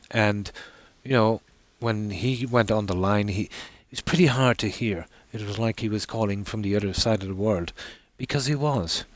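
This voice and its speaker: A man's voice: on the low side, no room sound. A man with an Irish accent telling a long rambling story while streaming a game, with a lot of "I said". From Ireland. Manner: rambling anecdote, frequent "I said".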